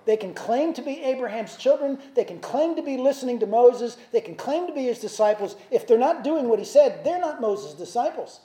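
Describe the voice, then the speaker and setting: A man's voice: very high voice, lively intonation, brisk, hardly any pauses, warm tone, roomy sound. A man preaching a sermon in a church, talking in a conversational way with asides and restarts. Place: church sanctuary.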